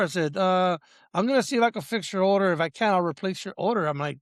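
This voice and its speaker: High, gravelly podcast host, man. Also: fast talker, no echo, studio quality. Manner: animated, profane, laughing storyteller. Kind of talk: casual podcast storytelling.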